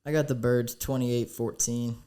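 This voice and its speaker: A man's voice: medium pitch, level tone, normal speed, dark tone, clear, resonant tone. A man co-hosting a casual sports podcast, brash and swearing freely as he hypes his picks. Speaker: podcast co-host.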